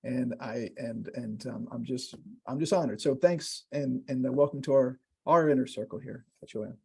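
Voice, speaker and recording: Rambling, mellow-voiced male host. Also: mid-range voice, moderate pace, vocal fry, breathy edge. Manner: rambling with many fillers and restarts. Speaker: webinar host introducing a guest. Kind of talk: casual conversational introduction. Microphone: video call.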